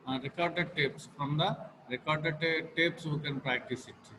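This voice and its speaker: A man teaching a class, repeating phrases and pausing often with fillers. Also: fairly high pitch, steady tone, in a large hall, noisy background. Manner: repetitive, halting with many fillers. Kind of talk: classroom lecture.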